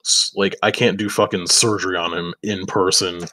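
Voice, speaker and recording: A man's voice: deep voice, little pitch movement, moderate pace, sharp tone, a little hiss or hum. A man playing a tabletop role-playing game, chatting casually and rambling with plenty of swearing. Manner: loose, rambling, swears a lot, laughs between lines. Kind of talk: casual game chat in and out of character.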